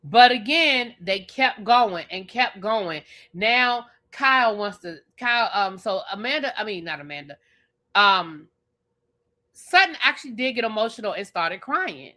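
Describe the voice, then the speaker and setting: During a live TV review, this channel host lets loose with a blunt, profanity-laced rant, addressing the people on the show head-on. She speaks unhurriedly in a mid-range voice, though her manner stays animated.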